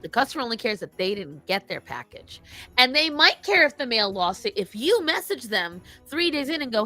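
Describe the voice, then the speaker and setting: A woman's voice: on the high side, fairly quick, soft background music. A woman hosting a live stream, casually telling stories and giving blunt, opinionated advice to her chat. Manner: animated, opinionated storytelling. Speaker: streamer host.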